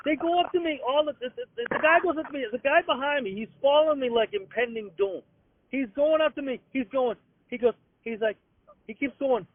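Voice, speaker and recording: A man in his fifties with a Boston accent, a comedian ranting in a rambling, excitable way and acting out other people's lines. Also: very high voice, fast talker, no echo. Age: 50s. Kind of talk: comic rant. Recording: tinny dry phone line.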